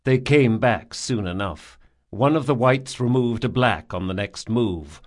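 A man narrating a fantasy audiobook in a measured, grave storytelling manner. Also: mid-range voice, animated.

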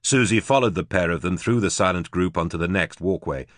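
A man narrating an audiobook in a steady, even storytelling manner. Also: low-pitched, a little fast, dry recording, studio quality.

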